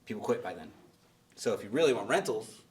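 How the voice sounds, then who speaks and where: A man hosting a real estate investor meetup, coaching a newcomer in fast, blunt talk with plenty of restarts, his voice picked up from off the mic. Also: fairly low pitch, animated, far from the mic. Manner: fast, blunt, repeats himself, jokes with the group. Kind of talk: live coaching Q&A in a meeting room.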